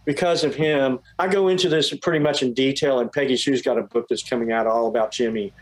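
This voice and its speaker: A man's voice: medium pitch, fairly even intonation, a little fast, rough recording. A man telling a long story as a guest, rambling and restarting his sentences. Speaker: guest musician. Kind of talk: casual storytelling.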